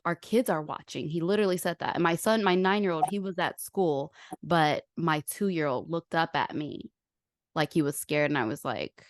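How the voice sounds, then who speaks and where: A woman's voice: low voice, normal speed, dry recording, clean studio sound. A woman hosting a podcast, telling personal stories candidly and animatedly, acting out what others said. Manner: open, animated storytelling with quoted voices. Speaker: podcast host.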